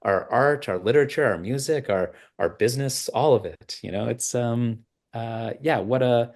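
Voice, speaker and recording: A man's voice: medium pitch, moderate pace, darkish tone. A man from Canada, a film writer and director, chatting in an interview and telling stories with many fillers and restarts. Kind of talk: casual interview chat.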